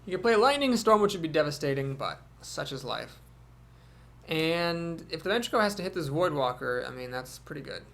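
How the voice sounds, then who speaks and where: A man casually commentating his own card game, thinking aloud and poking fun at his own mistakes, with sudden animated outbursts. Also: fairly high pitch, moderate pace, creaky.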